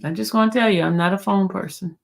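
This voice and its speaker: A woman's voice: medium pitch, quick pace, gravelly. A woman hosting a casual livestream, chatty and teasing as she talks straight to her chat and reads their comments. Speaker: livestream host.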